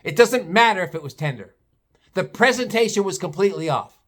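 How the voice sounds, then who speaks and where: A man's voice: high voice, expressive, a little fast, a bit bright, pitched above the performer's own voice. A man voicing a demanding, irate woman customer who complains indignantly. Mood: huffy.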